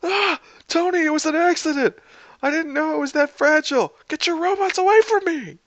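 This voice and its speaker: A man voicing a panicked male soldier, yelping in high alarm. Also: normal speed, a bit bright, no room sound, highs cut off.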